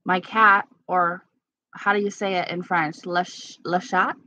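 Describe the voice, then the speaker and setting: Slow-talking chatty woman live-streaming. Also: lowish voice, fairly even intonation, sharp tone, no room sound. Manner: chatty, frequent laughter, candid. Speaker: livestream host. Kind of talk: casual live-stream chat, answering viewers. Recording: slightly dull lo-fi sound.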